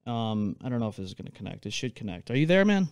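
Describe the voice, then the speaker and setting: A man's voice: medium pitch, very animated, fast talker, darkish tone, smooth, dry recording, studio quality. A man hosting a casual podcast chat, reassuring a caller and stressing communication. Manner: reassuring, talks about communication. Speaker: podcast host.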